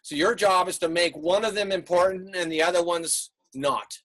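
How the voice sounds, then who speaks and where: A man teaching an online art class over a video call, relaxed and rambling with many fillers. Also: high-pitched, moderate pace. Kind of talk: online class lecture and critique.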